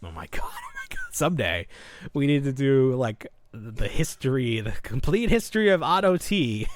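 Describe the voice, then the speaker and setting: A man's voice: medium pitch, huge pitch swings, normal speed, slight background noise. A man co-hosting a podcast in casual chat, rambling through half-finished thoughts with lots of fillers. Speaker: podcast co-host.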